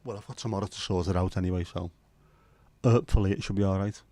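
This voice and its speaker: Hosting a laid-back livestream, this northern English man jokes around with plenty of swearing and fast, fairly even speech. The dark, low-leaning voice comes through a dry recording without any room reverb.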